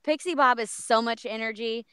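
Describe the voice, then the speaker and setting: A woman guest, a voice actress, chatting casually and upbeat, filling pauses with um and uh. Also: fairly high pitch, a bit bright, clean tone, no echo. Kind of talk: casual live-stream chat.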